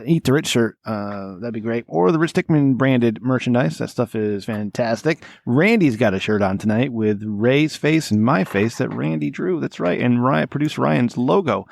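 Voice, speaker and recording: Man, podcast host, gravelly voice, dry close mic, teasing banter. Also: medium pitch, a little mellow, dry recording. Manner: loose, profane, teasing banter. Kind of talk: casual podcast chat.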